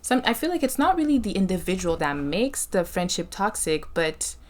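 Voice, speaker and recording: Woman, podcast host, low-ish voice, thoughtful conversational advice. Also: big pitch swings, moderate pace. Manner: reflective, faith-minded advice with frequent "right?" check-ins. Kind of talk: casual conversation.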